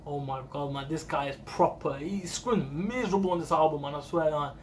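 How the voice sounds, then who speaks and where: Slangy young British man, raised pitch. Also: fairly quick, very noisy. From United Kingdom. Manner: slangy, swears often, excitable. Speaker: music reaction video host. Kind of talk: casual reaction commentary.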